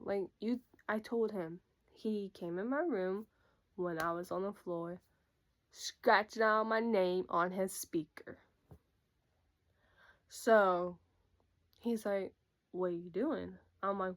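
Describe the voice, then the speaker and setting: A young woman in casual storytime chat, retelling a breakup in an animated way and acting out what everyone said. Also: mid-range voice. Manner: animated, quotes people with "I'm like". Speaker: YouTuber.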